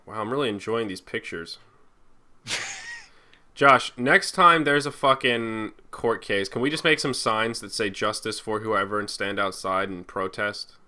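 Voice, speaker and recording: A man's voice: on the low side, wildly swooping pitch, measured pace, bright, forceful tone. A young man from New Jersey co-hosting a casual podcast, sarcastic and ranting, swearing often. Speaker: co-host.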